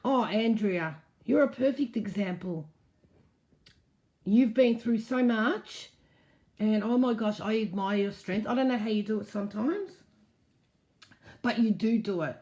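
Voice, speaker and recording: A woman's voice: fairly high pitch, unhurried, long pauses, warm tone. A woman hosting a casual live stream, reading out viewer comments and answering them frankly. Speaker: host.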